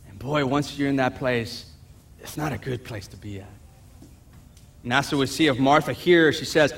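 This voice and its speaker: A man preaching a sermon as pastor, animated, acting out the voices of people in the story and dropping to a quiet voice for asides. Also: moderate pace, vocal fry, slight background noise. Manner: drops to a low, quiet voice for asides.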